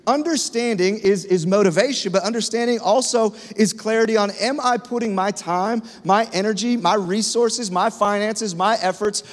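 A man's voice: high-pitched, moderate pace, hardly any pauses. A man in his thirties preaching a sermon to his congregation in a conversational, storytelling way. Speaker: pastor. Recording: long reverb of a large hall.

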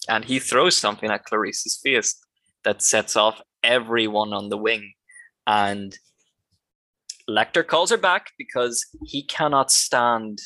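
This podcast co-host has a fairly low, sharp-toned voice on a dry, rough recording. He discusses a film in a relaxed, analytical manner, laughing from time to time.

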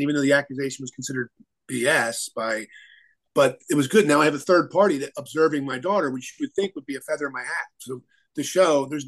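Man, attorney guest, husky voice, rambling earnest storytelling, interview. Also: medium pitch, a bit bright, rough recording. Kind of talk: conversational interview.

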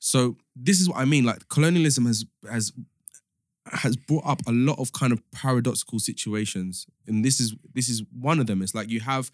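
A man's voice: medium pitch, moderate pace, no room sound, studio quality. A young man in a casual discussion, explaining his points step by step with lots of filler words.

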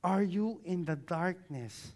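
A man preaching a sermon, engaging the listeners with many questions and growing more animated as he explains. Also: sits high, slow pace. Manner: grows louder and more animated when explaining.

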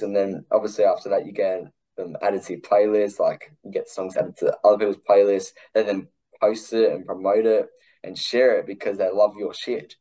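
A man's voice: fairly low pitch, little pitch movement, normal speed, mellow, rough recording. A young Australian man hosting a podcast, chatting casually in a laid-back, slangy way with lots of "like". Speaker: podcast host. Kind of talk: casual chat.

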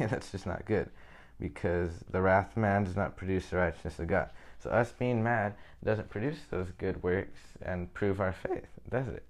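A young man giving an informal, rambling Bible lesson, often checking in with "okay?". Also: deep voice. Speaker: Bible study teacher.

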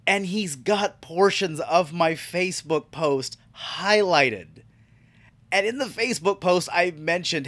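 A man's voice: fairly high pitch, a bit bright, no room sound. A man hosting a podcast, telling a profane, exasperated comic story about his job in a casual monologue. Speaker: podcast host.

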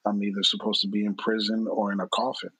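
A man's voice: on the low side, level tone, quick pace, a bit bright, husky, no echo, poor audio. Earnest man in his late thirties. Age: late 30s. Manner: earnest, repeats himself, blunt with swearing. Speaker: guest. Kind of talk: candid personal storytelling.

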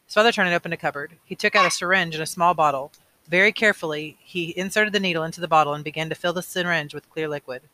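A man's voice: fairly high pitch, quick pace, background noise. A man reading a novel aloud, plainly, with small slips he corrects as he goes. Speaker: audiobook reader.

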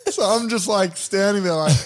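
A man's voice: sits high, normal speed, slight background noise. A man co-hosting a podcast, telling his side of a story in casual chat, going through it step by step and swearing freely. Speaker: podcast co-host.

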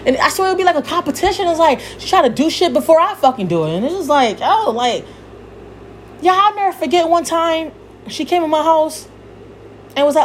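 Heated high-pitched young woman ranting. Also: big pitch swings, brisk, a little hiss or hum. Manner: heated, cursing freely, yelling at times. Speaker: podcast host. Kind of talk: profane rant.

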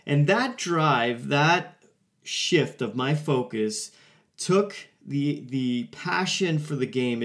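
In a mid-range voice, a man in his forties hosts a casual solo podcast. He tells a personal story in an earnest, conversational manner, frequently filling gaps and starting sentences over.

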